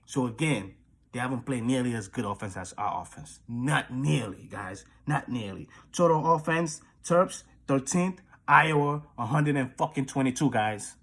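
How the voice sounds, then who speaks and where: A man's voice: mid-range voice, animated, moderate pace, fairly bright tone. A young adult man giving a hyped, profane, trash-talking fan preview of a football game. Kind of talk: hyped fan video commentary.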